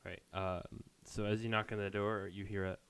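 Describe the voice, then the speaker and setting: A man's voice: lowish voice, little pitch movement, normal speed, a bit bright, clean tone. A man narrating a tabletop game as game master in a casual, rambling way with many fillers.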